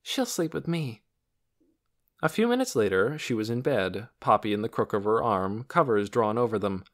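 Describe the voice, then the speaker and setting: A man narrating an audiobook chapter in an expressive storytelling manner. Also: brisk. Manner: expressive storytelling with lively pitch. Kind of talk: scripted narration.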